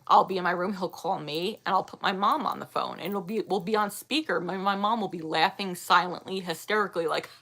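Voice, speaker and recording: A woman's voice: fairly low pitch, fairly quick, few pauses, a bit bright. A woman in her thirties chatting casually with her viewers, rambling and laughing often. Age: 30s. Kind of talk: casual chat reading viewer comments.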